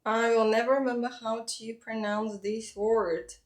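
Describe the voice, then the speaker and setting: A woman teaching pronunciation in an online lesson, slowly saying long words aloud for the viewer to copy. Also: fairly high pitch, flat delivery. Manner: slow, careful modeling of Russian words. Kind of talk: scripted online language lesson.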